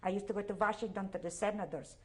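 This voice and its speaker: An older woman with a Polish accent speaks in a halting, emotional way, circling back and repeating phrases. Her voice sits at an ordinary middle pitch. She is a survivor giving an oral history interview. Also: steady tone. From Poland.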